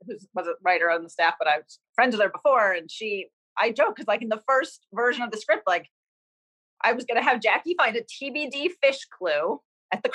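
A woman's voice: on the high side, fairly bright tone, poor audio. A woman from Massachusetts, a TV series creator, talking loosely in an interview with lots of "like" and "um". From Cambridge, Massachusetts. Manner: rambling, many "like" and "um" fillers. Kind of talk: casual interview chat.

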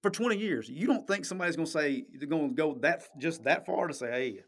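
A man's voice: a little high, lively intonation, quick pace, fairly bright tone. A man hosting a podcast, talking sports in a blunt, emphatic, profane way and often checking "okay?". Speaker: podcast host. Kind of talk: casual sports talk.

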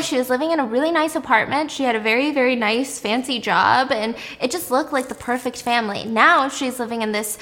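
A woman casually recapping a show, animated and acting out the quotes, with some swearing. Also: a little high. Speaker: podcast host recapping a show.

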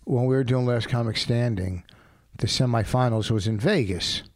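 A man's voice: medium pitch, normal speed, no room sound. A middle-aged man co-hosting a podcast, telling a meandering story in casual bickering chat. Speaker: podcast co-host.

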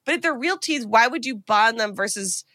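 A woman podcast co-host recapping a movie in a casual, profane, animated storytelling way. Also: on the high side, moderate pace, dry recording.

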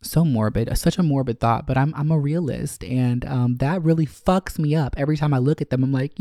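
A man's voice: brisk, hardly any pauses, warm tone, no echo, studio quality. Candid, profane man hosting a podcast. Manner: candid and profane, with sudden high-pitched bursts of emotion; rambling, with frequent fillers and self-corrections. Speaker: podcast host. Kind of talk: casual solo podcast chat.

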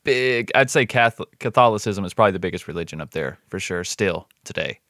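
A man's voice: deep voice, lively intonation, fast, fairly bright tone, dry recording, studio quality. A man co-hosting a true crime podcast, chatty and easygoing, laughing often and tossing in "man" and "dude.". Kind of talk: casual chat.

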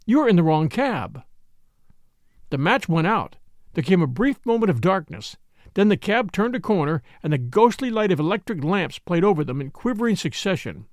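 Expressive, high-voiced male storyteller. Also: a little fast, no room sound, studio quality. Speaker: audiobook narrator. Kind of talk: scripted narration of a classic novel.

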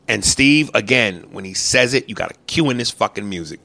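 A man with a gravelly, bright voice co-hosts a comedy podcast. His pitch swings widely as he barks profane, bossy banter in a loud, animated way. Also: a little fast, hardly any pauses, no room sound. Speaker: podcast co-host.

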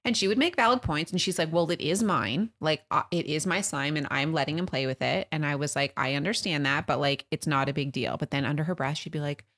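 A woman's voice: low-pitched, quick pace, hardly any pauses, fairly bright tone. A woman in her thirties co-hosting a podcast, chatting casually and telling a family story with acted-out quotes. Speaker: podcast co-host. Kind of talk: casual chat.

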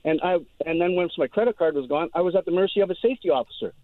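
A man phones in to a radio program with a long, aggrieved, wandering story, stumbling on repeated words. He speaks very fast in a high voice, with no echo, and the dry phone line sounds tinny.

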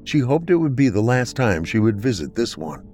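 Lively male horror storyteller. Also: mid-range voice, normal speed, soft background music. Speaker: podcast host and storyteller. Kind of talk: dramatic horror story narration.

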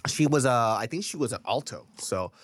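A man's voice: mid-range voice, lively intonation, normal speed, no echo, clean studio sound. Laughing man swapping stories on a podcast. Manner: laughs often while telling stories, swears casually. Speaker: podcast co-host. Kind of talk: casual chat.

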